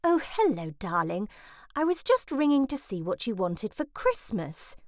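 A fussy middle-aged mother chatters on in a high, sing-song voice that leaps all over the place, as a woman reads her aloud. She is breezy and pushy, never letting anyone get a word in. It's a storybook audiobook voice, close and dry. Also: very animated, a little slow, no echo. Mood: gushing. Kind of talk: audiobook reading.

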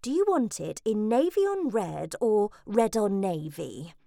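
A fussy middle-aged mother chatters on in a high, sing-song voice that leaps all over the place, as a woman reads her aloud. She is breezy and pushy, never letting anyone get a word in. It's a storybook audiobook voice, close and dry. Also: sing-song, measured pace, gravelly, warm tone, no echo. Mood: gushing. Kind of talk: audiobook reading.

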